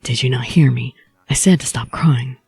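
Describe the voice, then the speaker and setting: A woman voicing a reserved young male swordsman in a low, flat, formal manner. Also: normal speed, gravelly, slightly rough, no echo, soft background music, heavily acted. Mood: stern, reserved.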